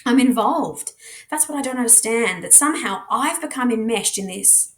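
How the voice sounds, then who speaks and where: A woman with an Australian accent, a teacher reading a novel aloud with dramatic, expressive narration. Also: on the high side, moderate pace. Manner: dramatic, shifts voice and pace for characters.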